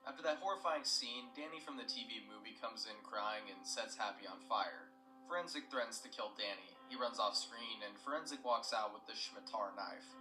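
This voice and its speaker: Low-voiced young man reading a story. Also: normal speed, roomy sound, far from the mic, over music, low-quality recording. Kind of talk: scripted narration.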